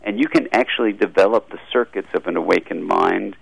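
Man, radio guest expert, very low voice, heavy fry, measured explanatory tone. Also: no echo, rough recording.

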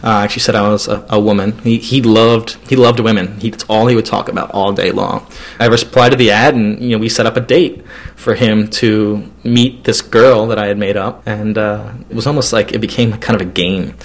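A man's voice: lowish voice, steady tone, a little fast. A man telling a personal story in a loose, casual way, with many fillers and restarts.

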